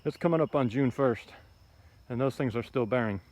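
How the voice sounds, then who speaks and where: In a dry recording, a homesteading vlogger with a medium-pitched, slightly mellow voice talks a little fast while touring his garden outdoors. He rambles casually, voices strong blunt opinions, and fills gaps with ums and asides.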